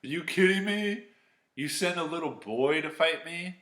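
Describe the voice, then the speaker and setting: A man voicing a boastful, taunting giant warrior who scoffs at his foes in a loud, raised voice. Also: on the high side, moderate pace, roomy sound, voice pushed up, natural voice. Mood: scoffing. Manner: mocking, scornful, raised voice.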